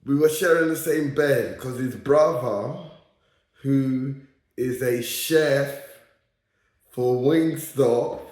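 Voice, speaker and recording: Brief: young man; slow, deliberate storytelling with constant "yeah?" check-ins; echoey room. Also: mid-range voice, darkish tone. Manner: repeats lines for emphasis, tags phrases with "yeah?". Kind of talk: casual storytelling monologue.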